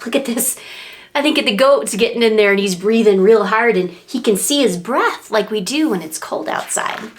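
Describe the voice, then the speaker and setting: Lively sing-song woman reading to preschoolers. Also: on the high side, moderate pace. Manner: animated, sing-song, makes animal and wind sounds. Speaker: children's librarian. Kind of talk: reading a picture book aloud to preschoolers.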